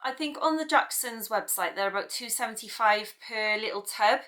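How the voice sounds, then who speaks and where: British mum chatting through an art tutorial, bright voice, wanders off on little asides. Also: female voice, on the high side, normal speed. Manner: chatty, self-deprecating, rambling asides. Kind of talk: casual chat to camera.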